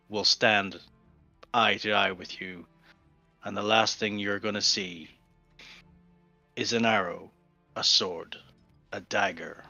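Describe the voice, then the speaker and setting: A man's voice: lowish voice, creaky, sharp tone, dry recording, full character voice. A man playing a defiant adventurer who makes a grave vow of revenge in a tabletop game. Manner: grave, vowing tone. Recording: dull lo-fi mic.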